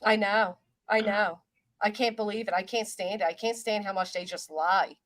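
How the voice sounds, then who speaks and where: A woman's voice: medium pitch, fairly even intonation, normal speed, a bit bright, no echo. A woman hosting a casual livestream, talking in an indignant, ranting way. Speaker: livestream host.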